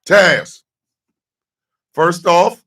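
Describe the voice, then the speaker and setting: A man hosting a livestream morning show, joking in animated bursts, repeating and restarting words, and sometimes shouting. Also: high-pitched, drawn-out words, husky, far from the mic.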